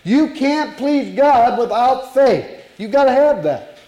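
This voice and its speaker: A man's voice: extremely high pitch, lively intonation, takes it slowly, warm tone, roomy sound, dull audio. A man preaching a sermon to a congregation, emphatic and full of rhetorical questions.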